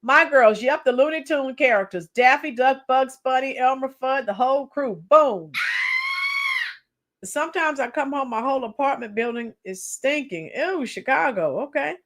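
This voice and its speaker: A woman with a hoarse, cracking voice giving chatty, opinionated political commentary on a live stream and reading viewer comments. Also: high voice, animated, fairly bright tone, raised voice. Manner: opinionated, chatty, sings song snippets slowly. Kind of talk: casual political commentary livestream.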